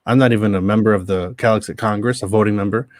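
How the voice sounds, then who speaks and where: A man's voice: on the low side, fairly even intonation, fast, no echo. Chatty man on a dry video call. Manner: chatty, laughs often, restarts sentences. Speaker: panel guest, copy editor. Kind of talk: casual chat.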